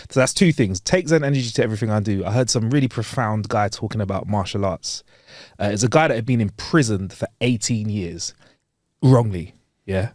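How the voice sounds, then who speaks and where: A relaxed man chats on a casual podcast, rambling along with fillers and restarts. His voice sits at a middle pitch. The recording is dry and close. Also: no room sound. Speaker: podcast co-host.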